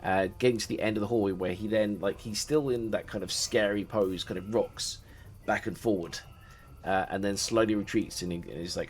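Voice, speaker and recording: A man's voice: low voice, steady tone, moderate pace. A man narrating as game master, loose and hesitant, often laughing.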